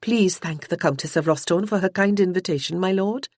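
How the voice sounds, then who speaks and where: A woman voicing a gentle, polite young noblewoman in an audiobook. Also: fairly low pitch, brisk, no echo, studio quality, natural voice.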